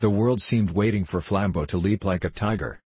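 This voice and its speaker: A man narrating a story in steady, measured audiobook style. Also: lowish voice, husky, no room sound. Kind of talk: scripted narration.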